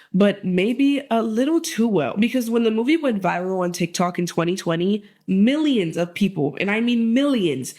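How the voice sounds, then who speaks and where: A video host telling a true crime story in a measured, emphatic way. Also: medium pitch, a little mellow.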